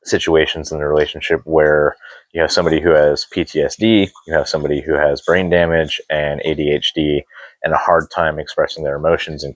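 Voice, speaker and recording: A man with an extremely low, deep voice talks in a candid, rambling way and swears freely. He is middle-aged and co-hosts an unscripted conversation podcast with his partner. The sound is close and dry, with no room echo. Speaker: podcast co-host.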